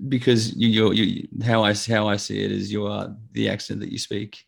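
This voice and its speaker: A man's voice: on the low side, little pitch movement, moderate pace, creaky. A man, a father speaking bluntly and with firm opinions in a casual discussion. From Australia. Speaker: guest, father.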